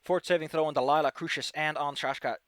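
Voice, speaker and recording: A man's voice: fairly high pitch, fairly even intonation, quick pace, a bit bright, no echo, clean studio sound. A man acting as game master, running a tabletop game with playful rules asides.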